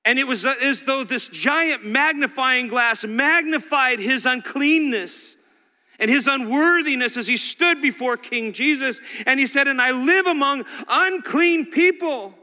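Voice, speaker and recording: A male pastor preaching a sermon, swinging between loud exhortation and quiet intensity. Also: very high voice, unhurried. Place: large church hall. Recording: long hall reverb.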